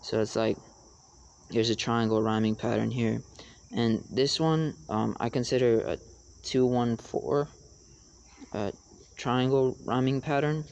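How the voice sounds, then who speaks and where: A young man explaining rap rhyme schemes in a casual tutorial, halting with many fillers. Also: medium pitch, vocal fry, darkish tone, smooth, highs cut off. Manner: halting, many fillers, raps lines to demonstrate.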